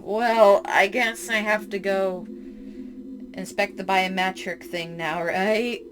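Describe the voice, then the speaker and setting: A woman reads a horror game's text aloud at a mid pitch, stopping now and then for startled, chatty remarks to herself. Steady background noise runs under the voice. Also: slow pace. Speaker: game streamer. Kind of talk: reading a horror game aloud with reactions.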